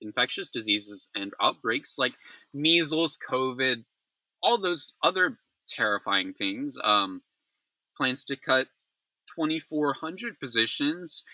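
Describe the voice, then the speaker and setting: A man's voice: lowish voice, bright, forceful tone, no echo, poor audio. Tired, rambling male news host. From United States. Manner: tired, rambling, self-deprecating, many fillers. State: yawning, frazzled. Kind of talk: casual solo news commentary.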